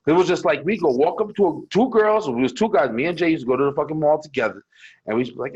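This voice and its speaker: Young man telling stories, husky and quick. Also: fairly high pitch, expressive, dull audio. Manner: loose, profane storytelling with acted-out quotes. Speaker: co-host. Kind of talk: casual chat.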